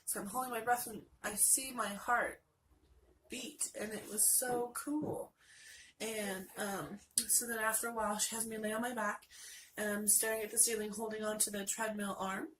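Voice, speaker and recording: A woman's voice: mid-range voice, little pitch movement, moderate pace, a bit bright, a little hiss or hum, rough recording. A woman in her late twenties, a vlogger, telling a story to camera in a rambling, chatty way and acting out what others said, congested from a sinus infection. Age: late 20s. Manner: chatty, rambling, acts out quoted people.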